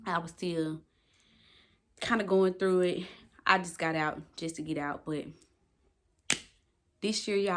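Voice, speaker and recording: Emphatic young woman vlogger, low voice. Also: a bit bright. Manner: emphatic, preachy, swears freely. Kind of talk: casual talk to camera. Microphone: phone.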